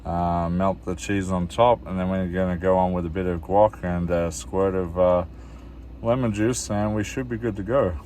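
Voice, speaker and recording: A man's voice: deep voice, steady tone, moderate pace, dark tone, slight background noise. An Australian man from Australia casually vlogging his cooking inside a camper van, rambling along with lots of fillers and calling his viewers guys.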